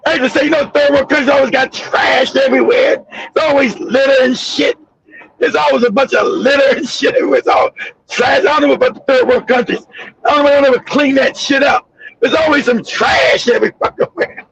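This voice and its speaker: A man hosting a livestream, telling a crude story in an animated, profane way with loud outbursts. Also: very high voice, brisk, gravelly, highs cut off, slight background noise. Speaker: host.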